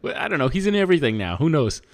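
A man's voice: on the high side, very animated, very fast, creaky, background noise. A man co-hosting a podcast in casual, jokey, rambling chat, laughing often. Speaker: podcast co-host.

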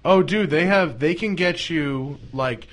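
A man's voice: on the high side, a little slow. A man hosting a podcast, chatting in a laid-back way and swearing freely. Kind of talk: casual chat.

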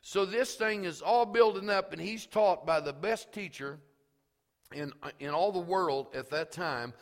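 A male pastor preaching fervently, repeating himself and swinging between hushed words and shouts. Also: sits high, a little slow. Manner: fervent, repetitive preaching with many restarts. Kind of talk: sermon. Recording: long reverb of a big hall.

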